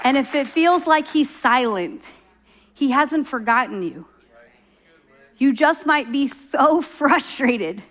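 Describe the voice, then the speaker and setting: Woman pastor, middle-aged, high voice, chatty sermon delivery with acted-out quotes. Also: lively intonation, slow pace, pauses often, a faint crowd. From Oklahoma. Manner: conversational storytelling, acts out quoted voices.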